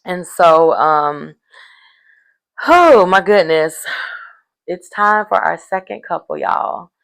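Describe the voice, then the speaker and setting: Chatty woman with a gravelly low voice. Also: slow pace, a bit bright. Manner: chatty, rambling, lots of fillers and "y'all". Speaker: reality show recap vlogger. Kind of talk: casual recap chat.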